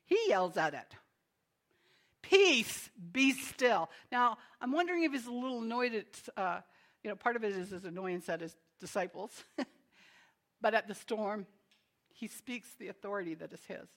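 A woman preaching a sermon in a conversational, animated way, with dramatic pauses and quick laughing asides. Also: medium pitch.

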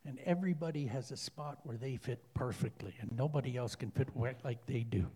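Guy praying out loud in church, mellow and a bit husky, earnest. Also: mid-range voice. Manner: earnest, halting, repeats himself. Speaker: prayer leader in church. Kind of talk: spoken prayer and exhortation.

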